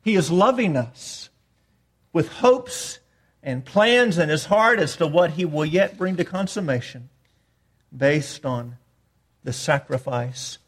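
A man preaching a sermon, emphatic, swinging between raised declarations and quiet asides. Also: on the high side, animated, slow. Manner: emphatic preaching, rising and dropping in volume. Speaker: pastor.

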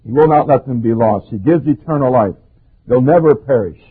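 A man's voice: medium pitch, a little fast, breathy edge. A man preaching a sermon, emphatic and stressing quoted verses. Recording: tinny phone-like recording.

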